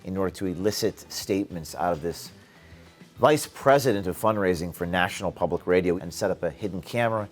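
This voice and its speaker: A man from the United States answering rapid interview questions bluntly and with emphasis, now and then breaking into short laughs. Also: low-pitched, soft background music. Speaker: interview guest, activist. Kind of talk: quick-fire interview answers.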